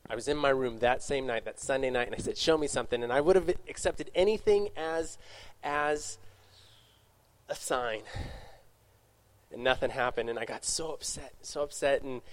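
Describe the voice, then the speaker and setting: In an animated, mid-range voice, a man talks casually with young adults during a Q&A, recounting his own story. The youth speaker wanders as he goes, frequently fixing his wording and adding quick side remarks.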